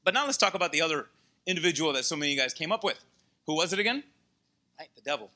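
A man preaching a sermon in a conversational, animated way, with asides to his listeners in a church or meeting hall. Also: a little high, very fast. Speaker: pastor.

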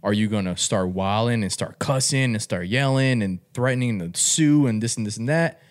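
Animated storytelling man, casual chat. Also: lowish voice, normal speed. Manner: animated storyteller, swears freely, laughs often.

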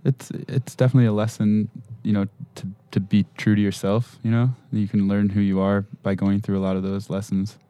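A man interviewing a guest, asking steady questions and adding soft "mm-hmm"s. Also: lowish voice, brisk, hardly any pauses, clear, resonant tone, dry recording. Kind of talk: podcast interview.

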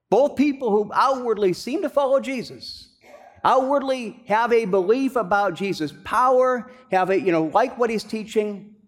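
A man preaching a sermon as pastor, talking conversationally with frequent restarts and fillers, then rising into emphatic bursts. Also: high-pitched.

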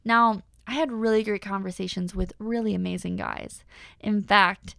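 A woman's voice: medium pitch, steady tone, moderate pace, creaky, a bit bright, no room sound, studio quality. A young woman hosting a personal podcast, talking candidly and animatedly with many fillers. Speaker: podcast host.

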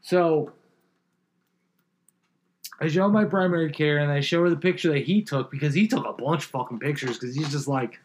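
A man's voice: fairly high pitch, moderate pace, pauses often. A man telling a long, profane story in casual chat, laughing often and rambling through fillers.

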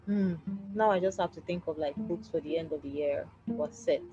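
Animated young Nigerian woman, lo-fi. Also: sits low, moderate pace. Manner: animated, laughing, trailing off mid-sentence. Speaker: podcast host. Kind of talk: casual chat about books. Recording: dull lo-fi sound with faint music.

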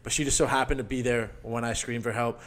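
A man's voice: mid-range voice, steady tone, quick pace. A man telling a dramatic personal story in casual chat, rambling with lots of "like" and restarts, emotional enough to get choked up. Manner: rambling, heavy use of "like", restarts often.

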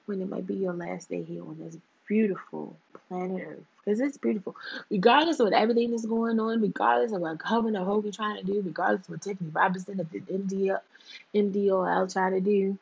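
A woman's voice: medium pitch, gravelly, darkish tone, husky, muffled recording. A woman hosting her own show in a casual monologue, emphatic and fond of repeating her points for effect.

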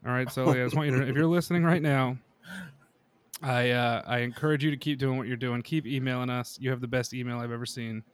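A man's voice: mid-range voice, steady tone, fast, clean tone. A man co-hosting a podcast, chatting casually in a jokey, rambling and profane way. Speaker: podcast co-host. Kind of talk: casual chat.

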